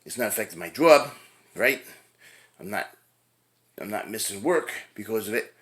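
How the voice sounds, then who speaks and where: A man's voice: fairly low pitch, animated, normal speed, a bit bright. A middle-aged man venting to the camera in a rambling, casual way, with frequent swearing, often tagging "right?" onto his sentences. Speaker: fitness vlogger.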